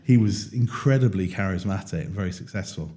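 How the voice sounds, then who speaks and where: A British man hosts a leadership conversation and tells animated stories. He slips into acted-out quotes as he goes. His voice is mellow and dark in tone. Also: low voice, brisk. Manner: animated storyteller, acts out quotes. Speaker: podcast host. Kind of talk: casual conversation.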